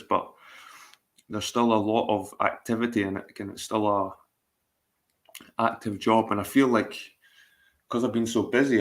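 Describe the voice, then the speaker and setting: A man's voice: fairly low pitch, a bit bright. A middle-aged Scottish man chatting casually on his livestream, rambling, swearing and repeating himself. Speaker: livestream host.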